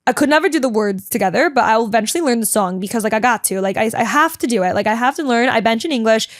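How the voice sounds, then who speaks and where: Bubbly chatty young woman, high voice. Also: animated, fast talker, no room sound, clean studio sound. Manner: chatty and bubbly, heavy use of "like", dramatic; talks a lot, emotional. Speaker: vlogger. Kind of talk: casual storytelling vlog.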